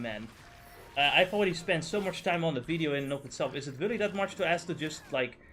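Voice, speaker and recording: Fast, bright-voiced man ranting. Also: fairly high pitch. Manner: ranting, profane, exasperated. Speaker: streamer. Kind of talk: casual gaming chat.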